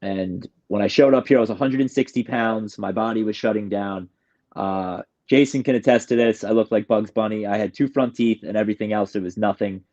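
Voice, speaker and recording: Speaking briskly in a lowish, dark voice, a guest from New York opens up about his recovery in a candid, emotional, rambling way. He keeps restarting his sentences, and the recording sounds muffled.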